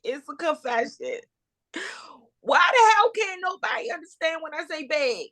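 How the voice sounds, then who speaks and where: Podcast co-host, woman, animated high voice, sassy and blunt. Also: normal speed. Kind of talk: casual chat.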